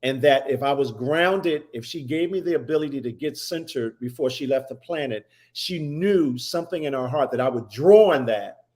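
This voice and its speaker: A man's voice: mid-range voice, animated, moderate pace, few pauses, darkish tone. Emphatic man telling a personal story. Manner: emphatic, repetitive restarts. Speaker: guest. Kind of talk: personal storytelling in casual chat.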